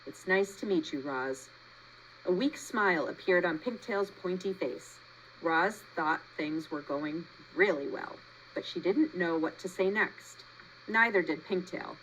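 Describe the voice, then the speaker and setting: A woman reading a children's book aloud with expressive storytelling, as a teacher. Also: on the low side, unhurried, a little hiss or hum, low-quality recording.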